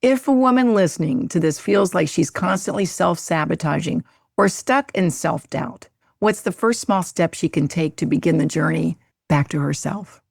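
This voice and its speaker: A woman hosting a podcast in casual conversation, effusive and gushing, quick to laugh. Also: lowish voice, animated, vocal fry, dry recording, clean studio sound. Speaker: podcast host.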